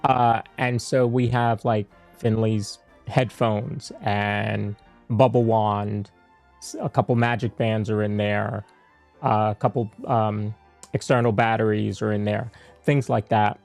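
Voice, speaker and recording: A man co-hosting a casual podcast, easygoing and quick to laugh as he walks through a list of topics. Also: lowish voice, little pitch movement, creaky, darkish tone, faint music behind. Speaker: podcast co-host.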